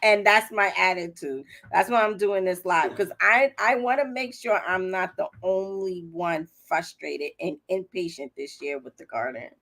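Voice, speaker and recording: A woman's voice: lowish voice, normal speed, hardly any pauses, fairly bright tone. Candid woman hosting a gardening live stream. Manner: candid, self-mocking, laughs easily. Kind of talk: casual live-stream chat.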